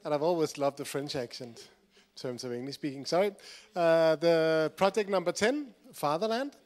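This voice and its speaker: A man with a Danish accent moderates a film workshop and announces each project. He is jovial and teasing, and his voice sits fairly high. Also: moderate pace, darkish tone. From Denmark. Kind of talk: moderating, casual.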